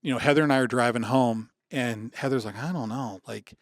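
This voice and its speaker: A man's voice: medium pitch, a little fast, no echo. Dry, close-miked older man telling a story. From Michigan, USA. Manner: animated storyteller acting out dialogue, many restarts. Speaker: podcast guest. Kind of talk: storytelling in a casual interview.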